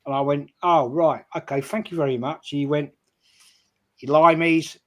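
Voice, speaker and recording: Older English man, guest on a stream, lively storyteller, slightly raised pitch. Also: brisk. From England. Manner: animated anecdote, swearing, acting out quotes. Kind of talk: casual storytelling.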